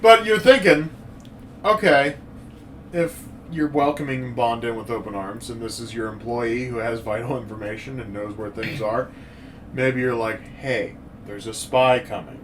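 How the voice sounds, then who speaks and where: A man co-hosting a casual movie review podcast, rambling and animated and laughing often as he recaps scenes. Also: mid-range voice, moderate pace, recorded from a distance, slight background noise. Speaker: podcast co-host.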